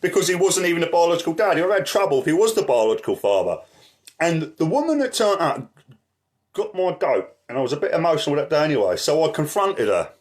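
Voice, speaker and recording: Fast and very animated, this man's voice is on the high side. He's an activist vlogger ranting angrily, constantly swearing and peppering his talk with "right?" He shuffles through papers while his voice drifts from the mic.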